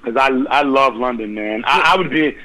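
A man's voice: mid-range voice, moderate pace, bright, forceful tone, rough recording. A man being interviewed about his new music, talking in a laid-back, enthusiastic way full of slang and repeated words. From United States. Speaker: musician guest. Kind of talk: casual interview chat.

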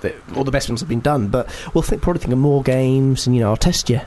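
A man's voice: medium pitch, very noisy. A man co-hosting a radio show, bantering casually and playfully while laughing often. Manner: giggly, playful, quick to laugh.

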